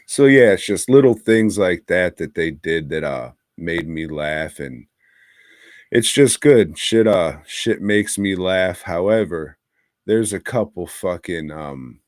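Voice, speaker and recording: A man with a deep voice co-hosts a podcast, reviewing movies in casual, profane chat at a measured pace. He tells stories animatedly and acts out quotes, and the studio-quality recording is dry.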